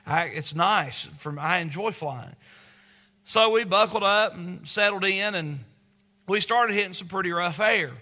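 A man's voice: high voice, unhurried, bright, forceful tone. A middle-aged man preaching a sermon, telling stories and acting out quoted voices. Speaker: pastor.

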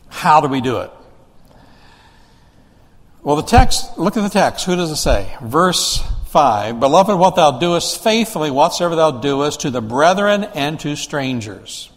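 Man, pastor, conversational sermon, rhetorical questions, fairly high voice, long hall reverb. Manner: conversational preaching with rhetorical questions and repeated restarts.

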